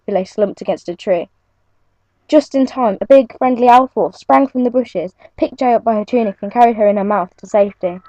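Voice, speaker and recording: A young woman reading her own adventure story aloud, in an earnest, steady storybook manner. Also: medium pitch, no room sound. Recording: muffled lo-fi home recording.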